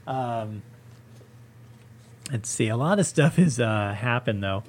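A man's voice: mid-range voice, expressive, slow. Male comic host, solo podcast rant, foul-mouthed and sarcastic, mid-range voice. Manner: profane, sarcastic ranting.

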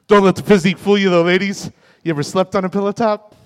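A man in his forties doing a stand-up comedy set on a club stage, delivering self-mocking punchlines in a deadpan way. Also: high-pitched, fast talker, clear, resonant tone. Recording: reverberant club room.

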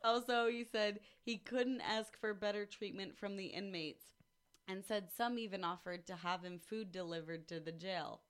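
A woman's voice: mid-range voice, moderate pace, smooth. A woman co-hosting a casual podcast in a studio, reading out a news story with swearing and jokes. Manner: animated, swears freely, reads news aloud with jokes. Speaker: news segment co-host.

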